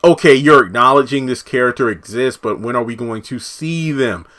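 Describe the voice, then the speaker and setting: A man giving a casual, animated recap of a TV episode, full of asides and quoted lines. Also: mid-range voice, normal speed. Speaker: TV show reviewer.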